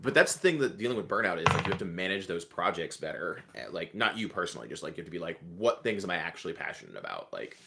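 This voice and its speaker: A man guesting on a podcast in casual chat, animated and joking, jumping in with quick asides. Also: sits low, gravelly, background noise.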